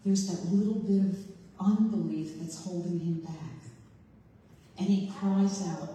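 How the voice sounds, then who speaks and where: A woman preaches to a congregation at an unhurried, deliberate pace, her voice soft and mellow. She muses aloud and poses questions as she retells the story. The recording is distant, with a long, roomy echo filling a large hall. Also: lowish voice. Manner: reflective, questioning, voices the father and Jesus in quotes. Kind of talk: sermon. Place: large echoey room with a congregation. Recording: echoey hall, voice from far off.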